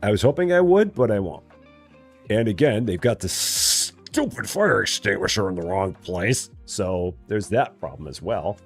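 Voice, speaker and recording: Chatty low-voiced male game streamer. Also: animated, moderate pace, creaky, slightly rough, soft background music. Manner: chatty, talks to himself and chat, jokey mock voices. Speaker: streamer playing a store simulator. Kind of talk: casual live-stream commentary.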